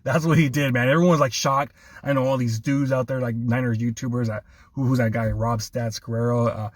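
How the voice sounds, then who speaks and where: A man hosts a loose sports conversation at a middle pitch, chuckling between points and leaning on "man" as he goes. His voice sits in a dry, close space with little room sound. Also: brisk, no room sound. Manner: laughs often, enthusiastic, repeats 'man'. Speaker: sports podcast host. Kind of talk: casual sports chat.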